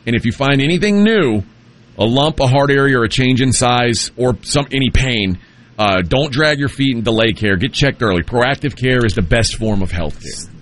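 A man's voice: medium pitch, animated, normal speed, fairly bright tone. A man hosting a morning sports radio show, joking and reading aloud with asides. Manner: jokey, reads aloud with asides. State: has the hiccups. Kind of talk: casual morning radio banter.

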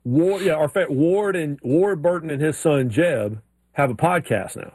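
A man co-hosting a sports show, telling animated stories in casual chat. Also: fairly high pitch, a little slow. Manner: animated storyteller, mimics drawls in anecdotes. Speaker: sports radio co-host.

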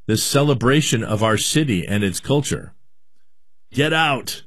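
A man's voice: medium pitch, animated, unhurried, a bit bright, dry recording, studio quality. A man hosting a radio talk show, ranting emphatically and repeating himself.

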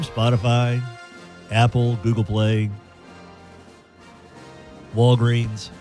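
A male morning radio host with a lively, bouncing delivery who jokes freely between plugs. He takes his time, drawing out his words, over soft music in the background. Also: medium pitch, unhurried. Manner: playful, jokey, with ad reads. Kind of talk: morning radio show banter. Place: radio studio.

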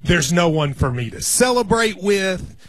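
A man's voice: sits high, big pitch swings, measured pace. A man in his forties co-hosting a sports radio show, telling an enthusiastic, rambling fan story in casual banter. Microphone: studio microphone.

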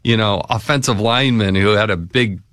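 Male host, somewhat low pitch, easygoing reflective talker; dry studio sound. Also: a little fast, fairly bright tone, no echo. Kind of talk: casual conversation.

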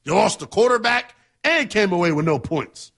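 A man's voice: high voice, animated, moderate pace, gravelly, fairly bright tone. A man hosting a sports talk show, giving passionate, emphatic commentary in a conversational way. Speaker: sports radio host.

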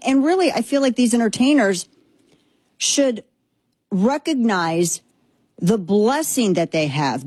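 A woman's voice: on the high side, slightly rough, no room sound. A woman in her thirties from Texas hosting a casual opinion show, sarcastic and emphatic, repeating herself for effect. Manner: animated, sarcastic, emphatic repetitions. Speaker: commentary show host. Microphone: headphones.

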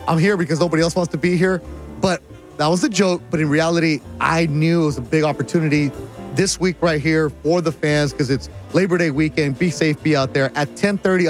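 A radio host talking casually and upbeat on air. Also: male voice, on the high side, fairly quick, faint music behind. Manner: upbeat, hyping up co-hosts.

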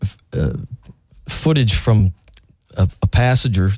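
A man's voice: fairly low pitch, measured pace, noisy background. A male radio co-host chatting casually and making wry, dry quips.

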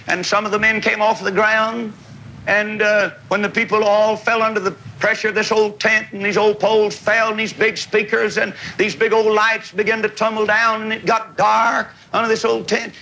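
A man's voice: sits high, gravelly, pushed and bright, a little hiss or hum, rough recording. A man preaching a revival tent sermon in a fiery, folksy, scolding way. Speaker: evangelist preacher. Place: large revival tent with crowd.

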